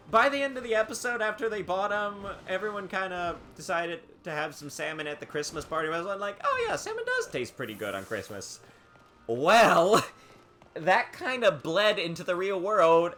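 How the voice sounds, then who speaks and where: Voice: medium pitch, bright, forceful tone, slight background noise. A streamer who chats casually while playing a game, rambling through stories and laughing often.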